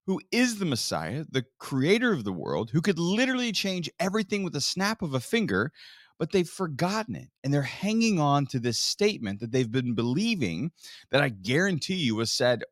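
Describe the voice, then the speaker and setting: Male podcast co-host, animated storyteller, expressive pitch, dry studio mic. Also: normal speed, no echo. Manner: animated storyteller, acts out quotes. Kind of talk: casual faith podcast teaching.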